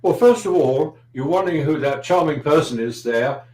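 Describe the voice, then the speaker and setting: A man's voice: fairly high pitch, lively intonation, normal speed, a little mellow, roomy sound, low-quality recording. A middle-aged man with a London accent, a guest chatting in an interview, anecdotal and dryly humorous with frequent hesitations. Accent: British, London. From London, England. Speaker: guest photographer. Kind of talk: casual interview chat.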